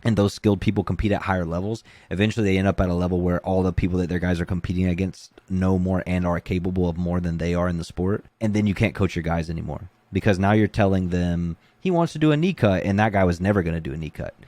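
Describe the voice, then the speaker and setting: A man's voice: deep voice, fast talker, hardly any pauses, no echo. A man who coaches jiu-jitsu, talking casually and acting out the things people say to him. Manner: animated, acts out quoted voices. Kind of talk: casual podcast talk.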